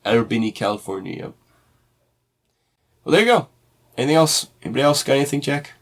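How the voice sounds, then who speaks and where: Quick-reacting laughing podcast co-host man. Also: mid-range voice, lively intonation, vocal fry. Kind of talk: casual podcast chat.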